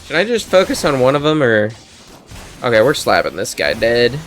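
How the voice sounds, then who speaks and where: A man's voice: mid-range voice, very animated, moderate pace, a bit bright, a little hiss or hum. A man streaming a video game, giving casual joking, offhand commentary.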